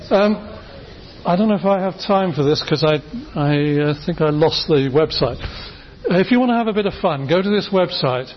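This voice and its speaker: A middle-aged man with a slightly raised, husky voice, lecturing eagerly to a class and tripping over his words as he shows demonstrations. The recording is dull and lo-fi, as if taken in a lecture hall. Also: fairly high pitch. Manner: enthusiastic, chatty, with frequent restarts. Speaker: university lecturer.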